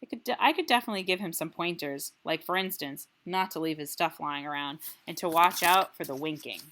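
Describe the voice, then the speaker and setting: A woman teacher reading a children's novel aloud and pausing to ask the class questions, checking in with "right?" as she goes. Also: fairly low pitch, a bit bright.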